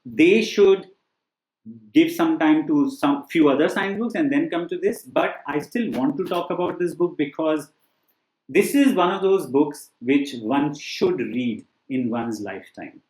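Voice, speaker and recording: A man's voice: on the high side, expressive, a little slow, darkish tone. A man giving casual book recommendations as a test-prep teacher, talking loosely with many fillers and restarts. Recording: echoey room.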